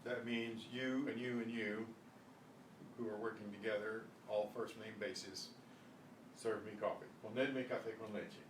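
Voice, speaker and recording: An older man teaching a Spanish class, slow and patient, often clearing his throat, recorded from a distance. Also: lowish voice, steady tone. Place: classroom at a senior center. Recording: echoey room, mic at a distance, faint noise.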